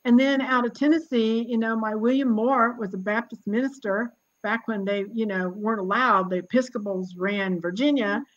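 Brief: sixties woman, genealogist guest, lively storyteller, slightly high voice, lo-fi call audio. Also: moderate pace, few pauses. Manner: lively, chatty, laughs often. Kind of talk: casual storytelling conversation.

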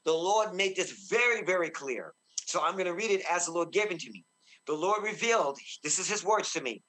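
A man preaching fervently as a guest minister, shouting bursts of praise and slowing to a deep, solemn tone when he quotes God. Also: animated. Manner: slows and deepens when quoting God. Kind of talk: excited preaching in a talk show interview.

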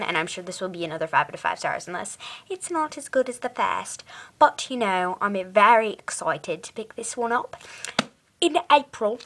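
A woman's voice: mid-range voice, sharp tone, a little hiss or hum. A teenage girl vlogging about the books she plans to read, chatty and rambling, in a put-on British accent. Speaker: book vlogger. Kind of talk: casual book chat to camera.

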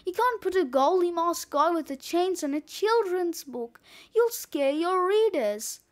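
A woman's voice: very high-pitched, lively intonation, measured pace. A woman reading aloud and voicing a sensible schoolboy who scolds and objects in an exasperated tone. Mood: scolding. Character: fussy, sensible boy friend, easily shocked.

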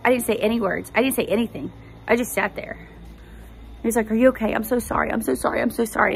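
With vocal fry and a breathy edge to her medium-pitched voice, a woman earnestly shares her personal testimony. She hosts a faith vlog and tells the story animatedly, directly to her viewers.

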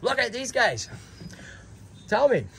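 A man hosting a casual outdoor vlog at a tortoise sanctuary, energetic and animated, constantly checking in with "right?". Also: extremely high pitch, slow pace, vocal fry, a little hiss or hum.

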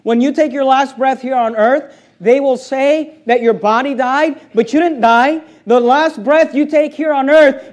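A man preaching a sermon and reading scripture aloud, stretching out key words and sometimes dropping to a quiet, low delivery. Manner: preaching with slow, drawn-out emphasis and sudden drops to quiet; reads scripture aloud in old-style wording. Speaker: pastor.

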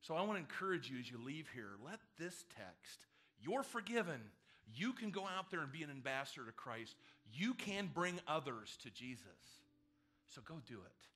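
Male pastor, earnest storyteller, bright forceful tone, soft music underneath. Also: a little high, very animated, normal speed, few pauses. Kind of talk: sermon and closing prayer.

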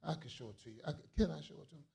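A man preaching a sermon as a bishop, in a call-and-response style that swings from quiet asides to shouts. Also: fairly high pitch, racing, gravelly, slightly rough.

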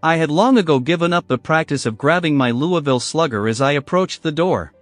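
Guy reading a personal story, slightly high voice, dry close mic, soft music behind. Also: expressive, a little fast, no echo. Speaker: story narrator. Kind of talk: scripted first-person story narration.

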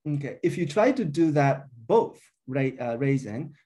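Lively, mellow-voiced man giving a linguistics lecture. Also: medium pitch, measured pace, hardly any pauses. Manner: explanatory, thinking aloud with frequent uh and um. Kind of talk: academic colloquium lecture.

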